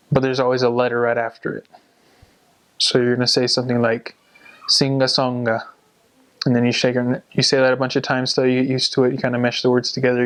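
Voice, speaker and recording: A young man casually explaining how to learn a language, speaking in a steady, explanatory way. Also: mid-range voice, clean tone. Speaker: returned missionary giving language tips. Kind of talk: casual advice monologue.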